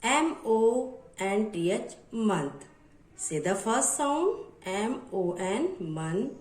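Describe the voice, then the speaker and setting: Slow, lively woman teaching phonics. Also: medium pitch, echoey room, rough recording. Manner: slow, spells words letter by letter; repetitive, instructive drill. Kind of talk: phonics lesson for children.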